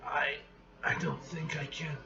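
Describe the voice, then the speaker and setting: A man reading an injured, sharp-tongued woman hero from a comic, with dry, cutting remarks. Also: a little high, little pitch movement, a little slow, vocal fry, lo-fi sound.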